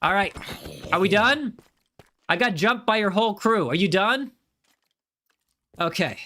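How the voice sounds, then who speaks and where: A slightly high, bright and forceful male voice with an American accent, talking his way through a live game stream. He rambles, repeats phrases and restarts sentences, and breaks off to thank viewers in chat. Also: lively intonation, a little slow. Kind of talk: live gaming commentary.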